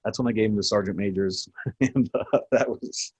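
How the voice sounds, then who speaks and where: A man in his forties with a lowish voice tells old service stories in a loose, profane way, laughing often as he goes. The sound is close and dry, with no room around it. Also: moderate pace, slightly rough, no room sound. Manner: profane, animated storyteller who laughs often. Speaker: military veteran guest. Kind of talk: casual storytelling interview.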